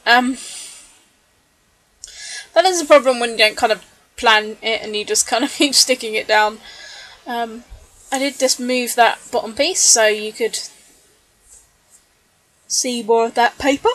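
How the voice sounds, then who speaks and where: A woman narrating a scrapbooking video in voice-over, chatty and relaxed, with frequent ums and small laughs, a little tired late at night. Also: fairly high pitch, unhurried, long pauses. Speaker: scrapbooking vlogger. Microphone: voice-over recorded separately from the video.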